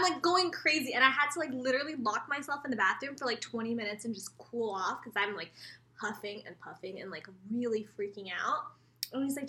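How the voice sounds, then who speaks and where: High-pitched woman co-host with a sharp, bright tone, telling stories with energy. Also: brisk, roomy sound. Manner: energetic storytelling, acts out quotes. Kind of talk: casual chat.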